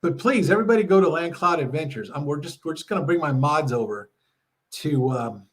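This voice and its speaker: Hosting a laid-back livestream inside his home RV, a middle-aged man chats with his audience and reads their messages out loud, laughing often. His voice is on the high side, expressive, slightly rough, and a little fast.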